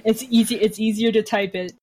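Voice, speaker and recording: A woman's voice: medium pitch, fairly even intonation, brisk, mellow. A woman in casual chat as a game player, hesitant, often trailing off and restarting. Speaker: tabletop game player and co-host.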